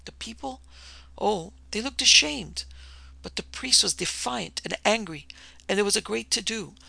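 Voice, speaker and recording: A reader voicing a frightened woman missionary who recounts her ordeal in a hushed, earnest way, as in an audiobook. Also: mid-range voice, lively intonation, moderate pace, creaky, slightly rough, dry recording, full character voice, low-quality recording. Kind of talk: audiobook reading.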